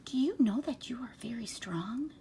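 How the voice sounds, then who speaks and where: A woman voicing Grover, a fretful, excitable furry male monster, as she reads a picture book aloud. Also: moderate pace, slight background noise, natural voice. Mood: scared whisper. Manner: frantic pleading, high-strung storybook voice.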